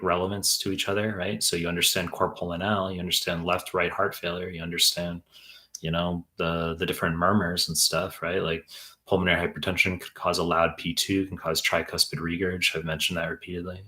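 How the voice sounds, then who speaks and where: A man's voice: low voice, bright, forceful tone. A young man tutoring for medical exams on a live stream, reading out chat questions and answering in a blunt, profane, rambling way. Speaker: exam tutor.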